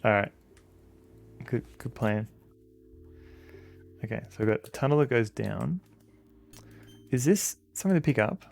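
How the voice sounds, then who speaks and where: Aussie guy streaming a game, bit of gravel in his voice, rambly chat. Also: medium pitch, lively intonation, a little slow, long pauses, a little mellow, faint music behind. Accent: Australian. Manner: rambling, chatty, fond baby-talk to dogs. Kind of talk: casual live-stream chat. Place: home room with dogs.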